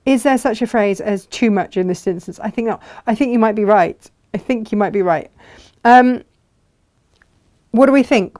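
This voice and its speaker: A woman's voice: a little high, moderate pace, a little mellow. A woman hosting a live textile craft demonstration, chatting and thinking aloud as she works.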